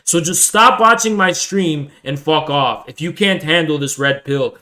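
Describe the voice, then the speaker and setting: A man in his twenties rants angrily at viewers on a livestream, hectoring them with profanity and repeating himself. His voice is a little high, pushed and bright, and he keeps a measured pace.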